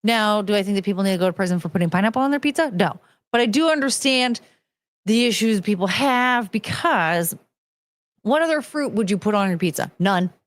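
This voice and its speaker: Brief: thirties woman host, blunt, swears casually, animated delivery, dry voice. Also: mid-range voice, brisk, dry recording. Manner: blunt, profane, animated, mocking voices in quotes. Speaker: streamer host reading chat. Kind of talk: casual chat.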